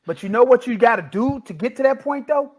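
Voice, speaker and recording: A former football player on the panel speaks in a high voice, earnest and reflective. He draws on what he did on the field. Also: animated, fast, a little mellow. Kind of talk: casual sports talk.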